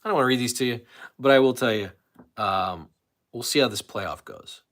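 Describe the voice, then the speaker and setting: A man's voice: medium pitch, brisk, fairly bright tone. A man hosting a casual live stream, rambling about sports betting and news and reading viewers' comments aloud. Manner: rambling, chatty, reads chat comments aloud.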